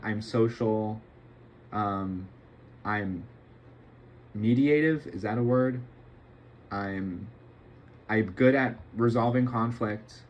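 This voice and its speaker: A man's voice: medium pitch, muffled recording. A young man rambling and joking while he plays a puzzle game late at night, often poking fun at himself. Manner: joking, self-deprecating, rambling. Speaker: gameplay streamer.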